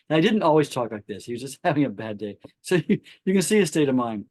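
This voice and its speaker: A man's voice: mid-range voice, very animated, darkish tone, no room sound. Man reading aloud, leading a satsang, dry. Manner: reads slowly, stopping to comment and restart phrases. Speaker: satsang host. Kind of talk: reading aloud a devotional account and leading a group discussion.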